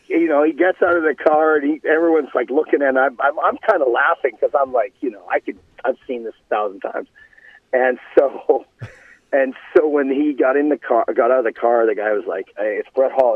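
Husky man telling stories over the phone. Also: mid-range voice, no room sound. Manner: animated anecdotes, laughing, restarts. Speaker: guest, former hockey player. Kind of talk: casual storytelling. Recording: phone line.

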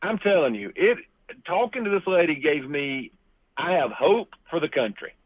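A man's voice: fairly high pitch, sing-song, moderate pace, no echo. A man co-hosting a casual political talk show, telling chatty anecdotes over a tinny phone line.

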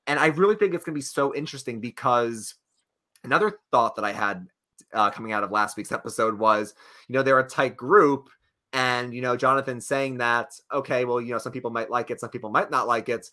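Bright-voiced man chatting animatedly. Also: mid-range voice, fairly quick. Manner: animated, rambling with fillers and restarts. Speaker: podcast co-host. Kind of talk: casual chat.

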